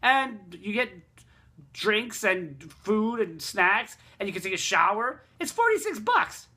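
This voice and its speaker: A man voicing a chirpy young female airport lounge attendant, high and eager to help. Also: very animated, takes it slowly, bright, forceful tone, full character voice.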